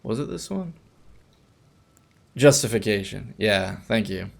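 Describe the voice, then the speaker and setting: A man's voice: on the low side, very animated, takes it slowly, gravelly. A man giving casual, rambling commentary while playing a video game, with chatty asides and frequent restarts. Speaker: let's play gamer.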